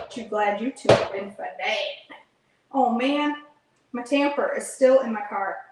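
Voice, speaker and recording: A woman's voice: fairly high pitch, unhurried, background noise. Chatty woman hosting a kitchen livestream. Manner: chatty, excitable, talks to viewers by name. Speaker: cooking livestream host. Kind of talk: casual live cooking chat, reading comments. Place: home kitchen.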